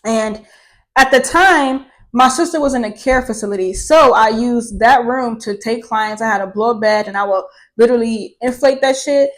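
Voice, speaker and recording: Young woman on camera, a bit high-pitched, blunt and sweary, casual storytelling. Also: normal speed, rough recording. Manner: candid and profane, swears freely; animated, with laughter. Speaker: vlogger telling her life story.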